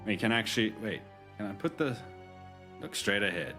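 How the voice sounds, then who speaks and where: A man's voice: fairly low pitch, animated, normal speed, music in the background. A man live-streaming, chatting casually and jokingly with his chat, with many restarts.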